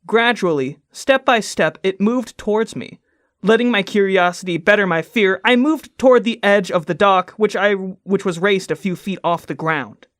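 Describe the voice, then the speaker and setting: A woman co-hosting a comedy podcast, reading a spooky story aloud and then joking about it in animated bursts. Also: medium pitch, normal speed, dry recording, studio quality. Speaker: podcast co-host.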